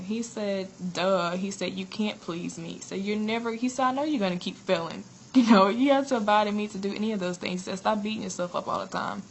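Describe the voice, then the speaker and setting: A woman's voice: mid-range voice, a little hiss or hum, rough recording. A woman sharing a spiritual testimony in a chatty, earnest way, often laughing as she retells it. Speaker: prophetess sharing a vision.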